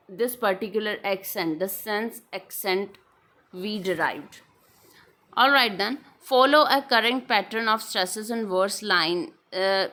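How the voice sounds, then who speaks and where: A woman's voice: mid-range voice, fairly bright tone. A woman teaches a literature lesson. She circles back over each definition, restating it and filling gaps with "all right then" and "uh". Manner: repetitive, restating definitions with frequent fillers. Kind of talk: explanatory lecture.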